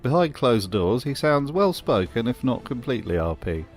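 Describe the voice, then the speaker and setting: A man's voice: mid-range voice, very animated, moderate pace, loud music behind the voice. A man hosting a comedic video essay, narrating with dry, mocking commentary.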